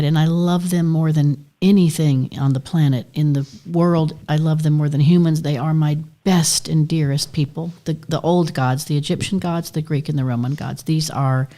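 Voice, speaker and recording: A woman with a very low, mellow voice co-hosting a live podcast. She is tearful and speaks earnestly from the heart, her tone dark and soft-edged. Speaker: co-host.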